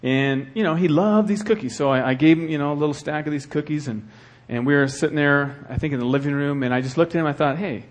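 A middle-aged male pastor preaching a sermon with animated delivery and acted asides. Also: fairly high pitch, fast, few pauses.

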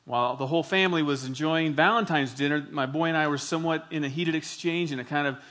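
A man's voice: on the high side, a bit bright. Earnest man preaching a sermon. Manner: earnest, emphatic, slows down to stress key phrases. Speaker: pastor.

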